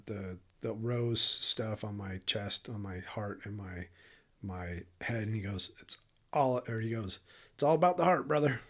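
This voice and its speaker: A man co-hosting a podcast, telling a story in a candid, emotional, profane way and laughing often. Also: mid-range voice. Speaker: podcast co-host. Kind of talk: casual storytelling chat.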